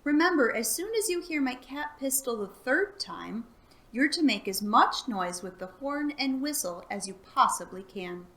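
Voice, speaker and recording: A woman voicing a brave, clever young boy adventurer in a storybook read-aloud, hushed and earnest. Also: high-pitched, lively intonation, normal speed, pitched above the performer's own voice. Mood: hushed planning.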